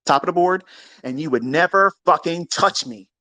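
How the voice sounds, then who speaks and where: A man's voice: fairly high pitch, moderate pace, no room sound. Profane, combative man ranting live. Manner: profane, combative, boastful, swings from mutters to shouts. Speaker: host of live audio space. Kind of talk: ranting monologue on a live audio space.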